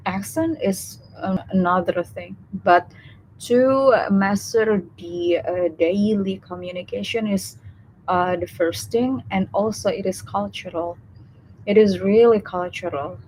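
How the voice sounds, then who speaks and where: Slow, hesitant Indonesian-accented young woman. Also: medium pitch, darkish tone, a little hiss or hum, poor audio. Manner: hesitant, many fillers and restarts. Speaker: student speaker on a live session. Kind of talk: casual live talk.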